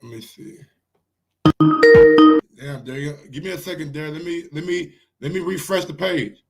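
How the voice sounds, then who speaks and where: A man's voice: on the high side, fairly quick, gravelly, music in the background. A man with a New York accent hosting a casual live-stream sports show, ranting and firing rhetorical questions at his viewers. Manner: animated, ranting, asks the chat rhetorical questions.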